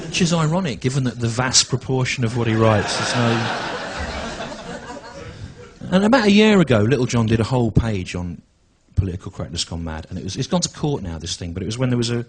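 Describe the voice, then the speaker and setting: A man, doing a stand-up routine in a halting, deadpan way with restarts and asides. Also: mid-range voice, a little hiss or hum, rough recording. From England. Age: 40s. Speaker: stand-up comedian. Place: comedy venue with a live audience.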